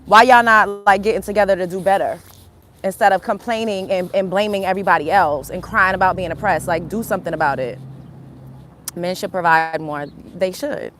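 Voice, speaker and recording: A woman's voice: lowish voice, brisk, fairly bright tone, slight background noise. A young woman with an African American Vernacular English accent, hosting a livestream and ranting emphatically, firing off repeated rhetorical questions in a confrontational way. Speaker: livestream host. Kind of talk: opinionated livestream rant.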